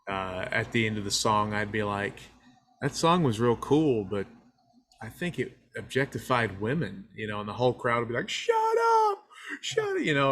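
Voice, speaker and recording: A filmmaker and wrestler from the United States, speaking with an East Tennessee accent, guests on a casual podcast interview, telling loose, folksy stories and slipping into a hyped funky DJ persona. His voice is on the low side, bright and forceful.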